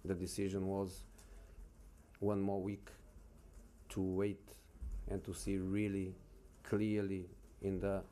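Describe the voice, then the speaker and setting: A man answering questions as a football manager at a press conference, speaking haltingly and repeating words with many pauses. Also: low-pitched, monotone, dark tone, a little hiss or hum.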